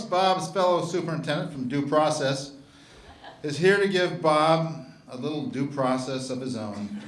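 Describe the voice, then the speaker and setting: A man's voice: fairly high pitch, a little slow. Man, emcee, playful introductions, distant and echoey, crowd behind. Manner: playful, teasing. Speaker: master of ceremonies. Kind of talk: introducing the next speaker. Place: retirement party at a golf club.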